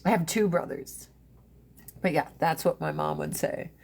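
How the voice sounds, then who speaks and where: A woman's voice: sits low, normal speed, creaky, darkish tone, slightly rough. Profane, laughing woman chatting on a live stream. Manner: profane, laughing, mimics family in funny voices. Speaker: livestream host. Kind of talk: casual chat on a live stream. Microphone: phone.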